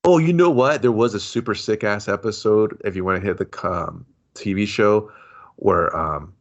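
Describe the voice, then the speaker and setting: A man's voice: on the low side, steady tone, moderate pace. A man co-hosting a podcast, rambling casually with lots of fillers about a movie. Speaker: podcast co-host. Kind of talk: casual movie review chat. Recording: dull lo-fi audio.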